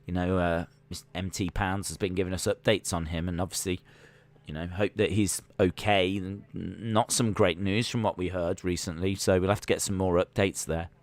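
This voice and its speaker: A man's voice: lowish voice, fairly bright tone, no room sound. A man hosting a casual watch-along livestream, rambling and full of "like" and restarts. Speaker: livestream host.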